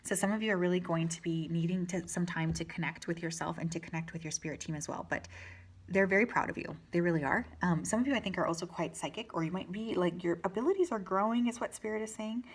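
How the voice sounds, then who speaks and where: A woman with a slightly low voice reads tarot cards for her viewers. She speaks gently and reassuringly, in a loose, chatty way with filler words. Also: fast, slightly rough. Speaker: tarot reader. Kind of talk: channeled tarot reading.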